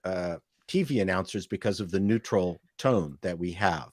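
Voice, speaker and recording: A man with a Canadian accent from Toronto tells stories as a guest in a loose conversation. He talks in an animated, joking way. The sound is dry and close. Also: sits low, no room sound. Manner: storytelling, animated, quick jokes. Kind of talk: casual chat.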